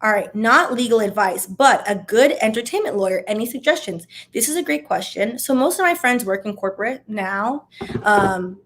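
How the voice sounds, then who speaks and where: A woman in her thirties chatting casually on a livestream, answering viewer questions in an animated, talkative way. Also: mid-range voice, normal speed. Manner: chatty and animated, calls viewers "child" and "y'all".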